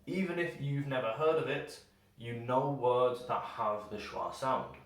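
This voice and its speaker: Slow, echoey male English teacher. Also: mid-range voice, recorded from a distance. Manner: slows down and stretches words to demonstrate sounds. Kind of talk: pronunciation lesson. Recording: very echoey room, voice set back from the mic.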